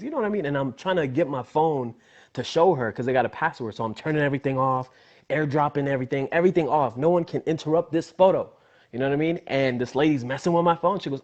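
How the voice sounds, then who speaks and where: A man's voice: medium pitch, brisk. A young adult man, a wrestler, telling a story in a casual interview and acting out the voices in it. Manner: animated storyteller, acts out his own voice and others in quotes. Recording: dull lo-fi sound.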